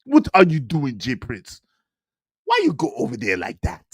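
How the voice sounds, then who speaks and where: Animated mocking male streamer. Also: medium pitch, moderate pace, slightly rough, dry recording, studio quality. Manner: animated, mocking, bursts into song and laughter. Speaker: commentary streamer. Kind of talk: casual reaction commentary.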